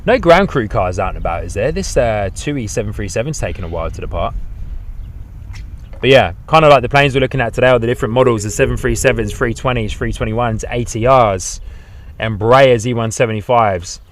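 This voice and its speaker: A man's voice: mid-range voice, lively intonation, a little fast. A man hosting a live plane-spotting stream outdoors at an airport, chatting in a rambling, easygoing way. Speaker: livestream host.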